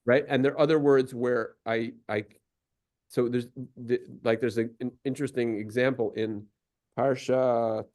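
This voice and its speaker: A man's voice: medium pitch, fairly even intonation, unhurried, a little mellow. A man teaching a class, explaining at length with many fillers and restarts and taking questions.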